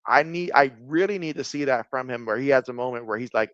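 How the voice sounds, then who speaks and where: A man doing casual live-stream play-by-play, reading viewer comments aloud, with bursts of excitement on big plays. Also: medium pitch, fast, clean tone, no echo, muffled recording.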